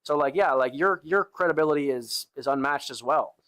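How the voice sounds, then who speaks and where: A man's voice: on the high side, fairly quick, a bit bright. A young man live-streaming from the gym, chatting casually with his viewers between lifts, saying "bro" and "like" a lot. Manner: laid-back, talks to chat with lots of "bro" and "like". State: tired arms after lifting, sighing between sets.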